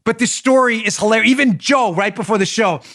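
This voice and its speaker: A man hosting a political talk show, delivering animated, mocking commentary with big swings in his voice. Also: sits high, brisk, dry recording, studio quality. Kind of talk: opinionated commentary.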